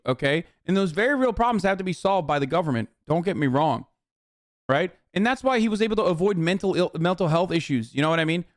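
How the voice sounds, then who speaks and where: A man livestreaming his reaction to a video, ranting angrily with constant swearing and bursts of shouting. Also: fairly high pitch, no echo, clean studio sound. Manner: angry, swearing, often shouting in disbelief. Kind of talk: heated profane rant.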